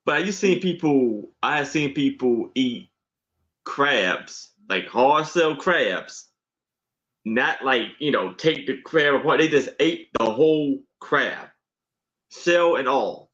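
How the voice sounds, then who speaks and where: Slow, halting male co-host, mid-pitched, dull lo-fi stream sound. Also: lively intonation, fairly bright tone. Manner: unhurried, halting, with many restarts. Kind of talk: casual chat.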